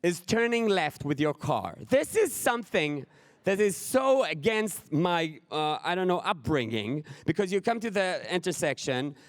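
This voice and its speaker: Animated Israeli man doing stand-up. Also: high-pitched, unhurried, dry recording, studio quality. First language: Hebrew. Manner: animated, acts out scenes, exasperated outbursts. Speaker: comedian speaking at a conference. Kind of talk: stand-up comedy speech.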